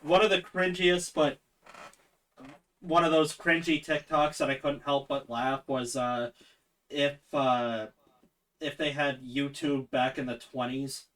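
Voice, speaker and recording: A man with a Midwest Canadian accent in casual chat as a tabletop game player, easygoing and quick to laugh, trailing off into fillers. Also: mid-range voice, level tone, a bit bright, recorded from a distance.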